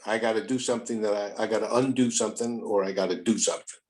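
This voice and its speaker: A man's voice: lowish voice, steady tone, rapid-fire, poor audio. An older man hosting a podcast as a therapist, talking in a rambling, folksy way and often repeating words. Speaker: host, therapist. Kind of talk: casual podcast chat.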